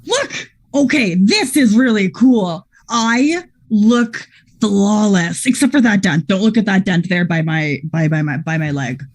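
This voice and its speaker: A woman playing a tabletop game in character, excitable and tripping over her words. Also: mid-range voice, a little slow. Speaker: player.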